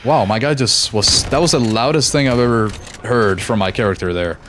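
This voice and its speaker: A man's voice: medium pitch, moderate pace, fairly bright tone, a little hiss or hum. A young American man streaming a shooter game, chatting casually with his chat and laughing often. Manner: laid-back, laughs often, reads chat aloud. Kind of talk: casual live-stream chat while gaming.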